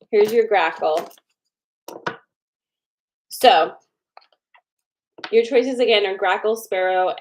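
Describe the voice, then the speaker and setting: A young woman talks casually to viewers on a live stream, greeting people by name. She slows down to repeat each choice before she pulls cards. Her voice sits at an ordinary middle pitch. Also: poor audio. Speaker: livestream host doing card readings. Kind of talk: casual livestream chat.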